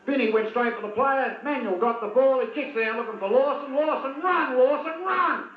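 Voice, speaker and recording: A man with an Australian accent giving excitable, partisan commentary on a local football match and calling out to the players by name. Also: very high voice, brisk, reverberant, narrow, tinny audio.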